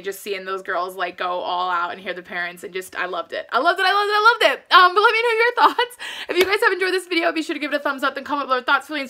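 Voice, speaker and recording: A woman reacting to a cheer routine on her vlog, gushing and excitable and saying "like" a lot. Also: sits high. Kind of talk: casual video reaction.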